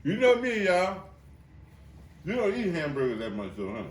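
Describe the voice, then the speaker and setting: A man hosting a podcast in a loud, joking way, laughing a lot and swearing freely in casual chat. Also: high-pitched, sing-song, normal speed. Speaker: podcast host. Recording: echoey room, mic at a distance.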